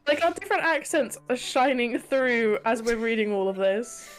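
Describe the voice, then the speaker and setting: A woman's voice: fairly high pitch, soft background music. A young British woman hosting a stream, reading posts aloud and chatting casually, swearing freely. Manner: swears a lot, talks fast when excited. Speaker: streamer host.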